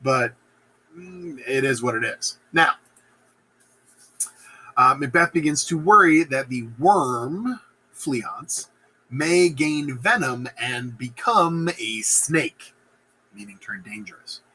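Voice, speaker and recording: Bright husky man retelling a plot. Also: medium pitch, animated, takes it slowly, long pauses, rough recording. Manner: playful, acts out characters in silly voices. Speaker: teacher. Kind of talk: casual plot summary lecture.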